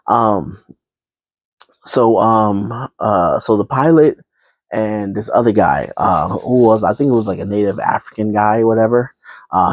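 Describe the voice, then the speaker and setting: A man's voice: fairly low pitch, darkish tone, no room sound. A man casually retelling a movie plot, rambling, with many fillers and restarts. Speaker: vlogger.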